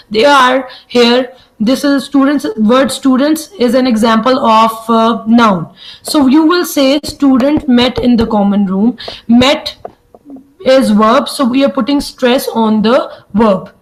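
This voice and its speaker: A woman's voice: a little high, low-quality recording. A woman teaching an online class, hesitant and often restarting words. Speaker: lecturer.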